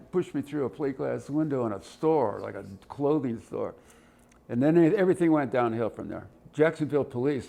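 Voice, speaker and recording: With a medium-pitched voice marked by vocal fry, a seventies-aged military veteran from Ohio, USA, shares animated anecdotes in an oral history interview. He acts out voices and sounds as he tells them.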